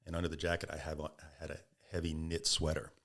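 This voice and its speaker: A man with a very low voice tells a story as a podcast guest. He talks casually and acts out the lines of the people in it. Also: quick pace. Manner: animated, acts out quoted speech.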